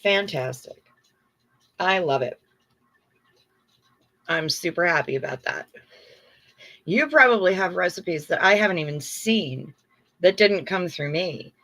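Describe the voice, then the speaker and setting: A woman's voice: on the low side, lively intonation, a little slow, long pauses, pushed and bright. A middle-aged woman hosting a livestream in casual chat, effusive and chatty as she reads viewer comments aloud. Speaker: livestream host.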